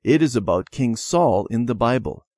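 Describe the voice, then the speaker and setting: A man reading as a patient, gentle mother. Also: medium pitch, moderate pace, no echo, clean studio sound. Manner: calm, instructive storytelling.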